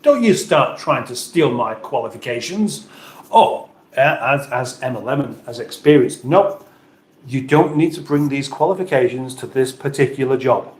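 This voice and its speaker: A man's voice: medium pitch, animated, normal speed, roomy sound. A man hosting a casual livestream chat, reading out viewer comments with playful, rambling asides. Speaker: livestream host.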